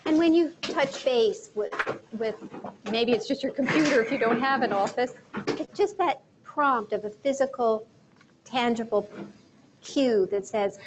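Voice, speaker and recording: A woman leading a guided mindfulness talk, speaking calmly and slowly with deliberate pauses. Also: fairly high pitch, noisy background. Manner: calm, slow and measured, with deliberate pauses. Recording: dull lo-fi sound with faint music.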